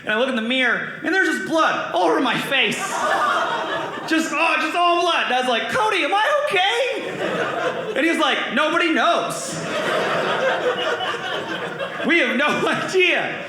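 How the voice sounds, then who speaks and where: High-voiced young man doing stand-up. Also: moderate pace, a crowd in the background. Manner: animated, acts out voices and sound effects. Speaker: stand-up comedian. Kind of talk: stand-up storytelling. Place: comedy club stage before a live audience. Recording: roomy club with loud audience laughter.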